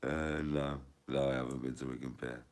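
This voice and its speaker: A man's voice: very deep voice, steady tone, normal speed, clean tone. A man with a Birmingham accent, rambling crudely and laughing often as he chats. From Birmingham, England. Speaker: streamer.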